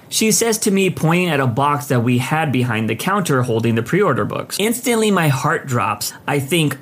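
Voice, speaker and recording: A man narrating a Reddit story aloud in an expressive reading style. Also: on the high side, moderate pace, hardly any pauses.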